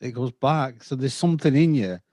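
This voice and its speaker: A man hosting a podcast interview, speaking haltingly and repeating words as he gathers his thoughts. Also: mid-range voice, a little mellow. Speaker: podcast host. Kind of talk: interview chat.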